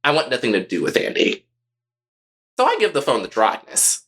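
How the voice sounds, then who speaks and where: A young man co-hosting a podcast, telling a personal story in a candid, profane, animated way. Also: mid-range voice, moderate pace. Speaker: podcast co-host.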